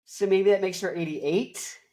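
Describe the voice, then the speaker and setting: A man's voice: sits high, measured pace, warm tone. Rambling young male vlog host. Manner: rambling, tangent-prone, chatty. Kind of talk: casual chat.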